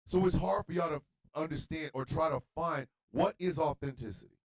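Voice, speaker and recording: A man hosting an internet radio show, delivering a blunt, profane monologue rant that swings between low muttering and shouting. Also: normal speed, poor audio.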